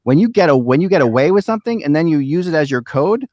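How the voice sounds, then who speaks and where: A man's voice: fairly high pitch, animated, a little mellow, dry recording, studio quality. A man hosting a casual sports podcast, rambling with many restarts. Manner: fast, rambling, lots of restarts. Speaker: podcast host.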